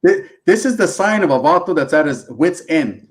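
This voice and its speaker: A man's voice: fairly high pitch, animated, moderate pace. A man with a Chicano English accent, hosting a casual, slangy chat full of acted-out quotes. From US West. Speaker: host.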